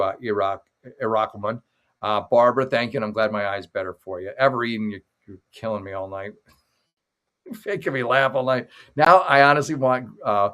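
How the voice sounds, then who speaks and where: A middle-aged man with a fairly low, fairly bright voice hosts a late-night livestream from his father's home office. Speaking into a makeshift desk mic, he rambles and jokes while thanking viewers by name.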